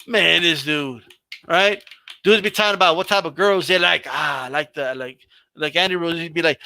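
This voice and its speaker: A man hosting a casual boxing chat stream, animated and slangy, swearing and laughing as he talks. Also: a little high, normal speed, creaky, dry recording. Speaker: host.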